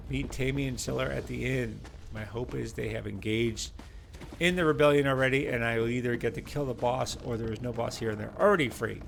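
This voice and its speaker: A man's voice: mid-range voice, vocal fry, fairly bright tone, slight background noise. An American man streaming a game, chatting with viewers in a rambling way with many fillers. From United States. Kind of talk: live-stream gameplay commentary.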